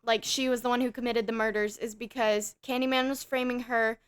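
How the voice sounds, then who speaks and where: A woman with a smooth, clear voice pitched slightly high, talking through a film's plot on a podcast. She summarizes events steadily in a casual, conversational way. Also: flat delivery, brisk. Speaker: podcast co-host. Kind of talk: casual film review chat.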